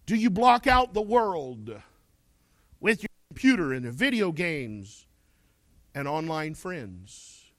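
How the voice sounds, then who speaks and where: A man's voice: fairly high pitch, very animated, slow, fairly bright tone, no echo. A man preaching a sermon, reading scripture aloud and then pressing his listeners with pointed questions. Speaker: pastor.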